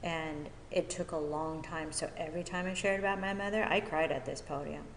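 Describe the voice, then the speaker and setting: Low-voiced woman sharing in an echoey hall. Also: fairly even intonation, slight background noise. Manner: halting, with many fillers and restarts. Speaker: speaker sharing at a recovery meeting. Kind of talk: personal testimony. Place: meeting hall at a podium. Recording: echoey hall with long reverb.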